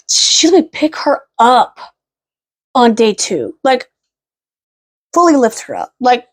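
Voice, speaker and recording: A young woman chats at home in a loose, rambling vlog voice that sits a little high. She now and then switches to sweet baby talk for her dog. The sound is close and dry, with no room echo. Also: a little mellow. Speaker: vlogger. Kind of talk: casual chat.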